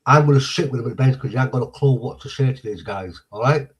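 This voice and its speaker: A man's voice: medium pitch, quick pace, low-quality recording. A man in casual chat, telling blunt stories, acting out exchanges and swearing.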